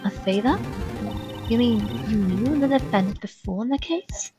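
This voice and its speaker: A composed senior lawyer speaks with quiet encouragement, as a woman plays her. Her voice sits a little high, with soft game music underneath. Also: expressive, normal speed, close to an everyday voice. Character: calm woman senior attorney, mentor.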